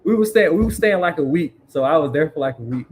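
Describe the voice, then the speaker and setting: A man co-hosting a casual podcast, telling family stories in an animated, profane way and acting out his relatives. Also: fairly high pitch, fast talker, over a noisy crowd. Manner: animated, profane storyteller who acts out family members. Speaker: podcast co-host. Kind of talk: casual chat.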